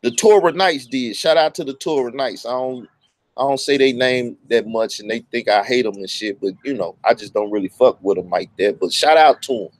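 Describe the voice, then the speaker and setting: A man's voice: mid-range voice, a little fast, no echo. A man, talking bluntly and profanely in a casual monologue, often stumbling over his words. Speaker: online commentator.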